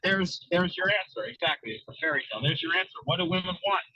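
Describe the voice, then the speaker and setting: A man hosting a casual podcast chat, telling a story in a loose, rambling way. His voice sits a little high and sounds dry and close. The recording is dull and lo-fi. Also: lively intonation, quick pace, bright, forceful tone, husky, dry recording. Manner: loose, storytelling, many fillers. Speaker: podcast host.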